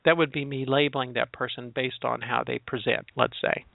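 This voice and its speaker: Gravelly man on a tinny line. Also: medium pitch, flat delivery, a little fast, no echo. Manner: searching, explanatory, leans on personal examples. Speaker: transgender educator. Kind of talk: spoken reflection on labels. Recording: tinny, dry phone-line sound.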